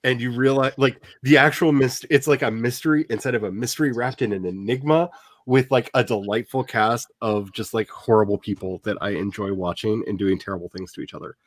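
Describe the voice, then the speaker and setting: A man chatting casually as a host, animated and rambling with many fillers. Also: mid-range voice, a little fast, no room sound. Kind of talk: casual chat.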